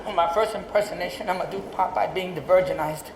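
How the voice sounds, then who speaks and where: A brash New man works a theater crowd in a one-man comedy show, talking streetwise and animated. The stage sound is roomy, with noise all around him. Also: high-pitched, fast talker, hardly any pauses. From Queens, New York. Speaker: comedian and actor.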